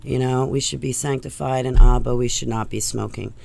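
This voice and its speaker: Gravelly-voiced woman rambling to camera. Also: rumbling low, steady tone, a little fast. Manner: loud, rambling, jumps between topics. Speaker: vlogger. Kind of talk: rambling monologue.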